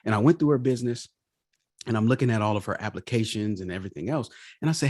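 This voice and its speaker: An animated man lays out business automation like a live workshop. His pitch swings widely as he acts out what clients told him. The sound is dry and close, with no room around it. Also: moderate pace, slightly rough, dry recording. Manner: energetic, animated teaching, acts out client quotes. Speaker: automation expert guest. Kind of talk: live workshop-style webinar talk.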